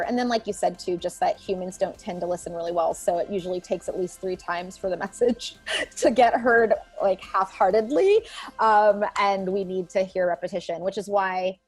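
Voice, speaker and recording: A woman's voice: on the low side, darkish tone, breathy edge. A woman guest in an interview, a writer and book editor, speaking in a reflective, conversational way with frequent "like" and "you know".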